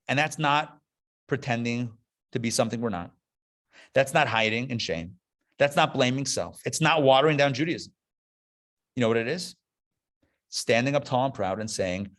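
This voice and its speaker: A man, a rabbi, giving a passionate live lecture, stressing points with emphatic repetition. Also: mid-range voice. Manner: passionate, emphatic, repeats key phrases. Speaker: rabbi teaching a class. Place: classroom before a live audience.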